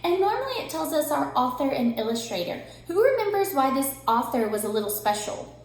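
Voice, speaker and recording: A young woman teacher giving an online reading lesson to children, bright and encouraging. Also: high voice, sing-song, brisk. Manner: bright, encouraging, sing-song. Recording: very echoey room.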